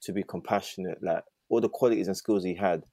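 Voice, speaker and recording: A man's voice: deep voice, quick pace, mellow, dry recording, studio quality. A young man as a podcast guest, talking earnestly and reflectively with many fillers. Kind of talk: reflective conversation.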